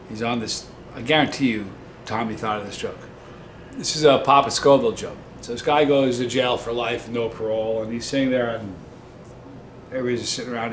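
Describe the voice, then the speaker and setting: A man in the middle of his range talks casually to his viewers, joking and rambling like a friendly host. His voice bounces around a roomy space. A faint hiss of noise sits behind it. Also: medium pitch. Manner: joking, chatty storyteller. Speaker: vlog host. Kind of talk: casual talk to camera.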